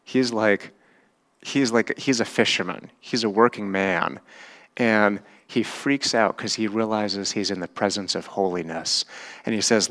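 A male pastor delivers a sermon at an unhurried pace. His voice sits on the low side, and he keeps it conversational, putting questions to his listeners as he goes. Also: fairly even intonation, a bit bright. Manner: conversational, asks the congregation questions.

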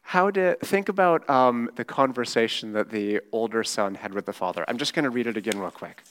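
Male preacher, mid-pitched voice, informal and emphatic, asks rhetorical questions. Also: fairly quick, fairly bright tone. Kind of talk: conversational sermon.

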